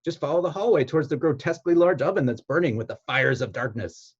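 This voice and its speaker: A man's voice: fairly high pitch, quick pace, husky, muffled recording, voice pushed up. A man reading the lines of a sweetly menacing witch in a Halloween story. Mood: inviting. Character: sly cannibal witch, sweetly menacing woman.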